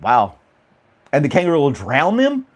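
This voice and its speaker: A man's voice: fairly high pitch, wildly swooping pitch, moderate pace. A man hosting a casual chat stream, laughing often and rambling through questions to his viewers. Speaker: livestream host reading chat.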